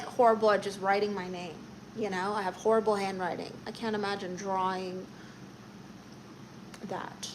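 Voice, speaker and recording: A woman's voice: mid-range voice, background noise. A woman hosting a casual live stream, chatting and reading viewer comments aloud before answering them. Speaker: livestream host.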